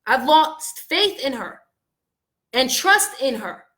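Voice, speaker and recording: A woman with a high, bright voice vents to her viewers in a casual vlog monologue. She is upset and angry, and her delivery swings between loud outbursts and quiet, low asides. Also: big pitch swings, slow pace. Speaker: vlogger.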